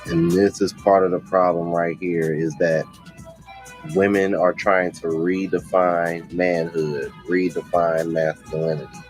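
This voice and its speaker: A man's voice: deep voice, little pitch movement, measured pace, faint music behind. A man hosting a stream, giving blunt, slangy commentary on clips he plays. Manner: blunt, slangy, laughs along. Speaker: stream host reacting to clips. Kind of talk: casual reaction commentary. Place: home office.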